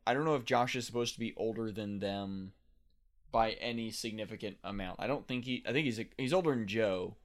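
A man's voice: lowish voice, brisk. A man co-hosting a podcast, talking casually and hesitantly about a TV episode, with many fillers. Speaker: podcast co-host. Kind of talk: casual chat recapping a TV show.

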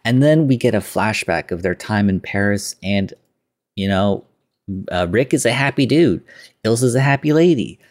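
A man's voice: on the low side, lively intonation, moderate pace. A man hosting a podcast, loosely retelling a classic film with lots of filler words and quoted lines. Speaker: podcast host. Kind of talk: casual film recap.

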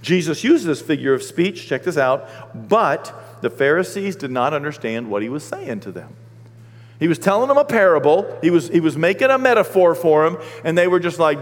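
A man's voice: on the high side, sing-song, fairly quick. A man preaching a conversational sermon, telling stories and often checking in with his listeners. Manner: storytelling, often checks in with the congregation. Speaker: pastor. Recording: long hall reverb.

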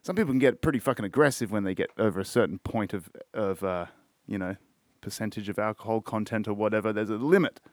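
A man's voice: lowish voice, fast, no room sound, studio quality. An Australian man hosting a podcast, ranting in casual chat with constant swearing and repeated words. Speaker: podcast host.

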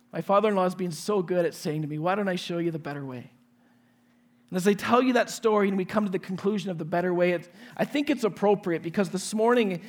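A man in his forties, a pastor, telling a lively personal story in a sermon and acting out the dialogue. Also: high-pitched. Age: 40s.

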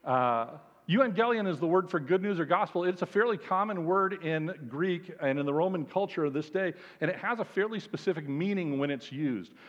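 A man, a pastor, delivering an emphatic, animated sermon with lots of repetition. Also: high voice, a little fast, few pauses. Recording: dull sound, long hall reverb.

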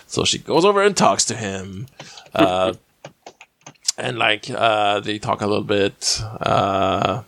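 A man's voice: fairly low pitch, expressive, takes it slowly, gravelly, a bit bright, no room sound. Guy recapping an episode on a podcast, lots of likes and uhs, dry close sound. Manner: rambling, many fillers, acts out quotes. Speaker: podcast co-host. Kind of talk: casual chat recapping a TV episode.

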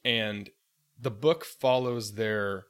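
A man with a lowish voice co-hosts a casual book podcast. He tells the story in a grave way and grows animated as he stresses the details. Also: very slow, clean tone. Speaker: podcast co-host.

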